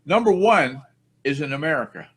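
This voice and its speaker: A man's voice: a little high, lively intonation, normal speed, fairly bright tone, husky. Rambling, chatty male podcast host. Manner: rambling, chatty, self-mocking. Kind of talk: casual podcast chat.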